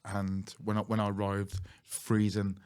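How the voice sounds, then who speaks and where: A man's voice: lowish voice, monotone, measured pace, a little mellow, smooth. A man hosting a podcast, chatting with loose, casual grammar and open admiration for his guest. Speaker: podcast host. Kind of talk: casual interview chat.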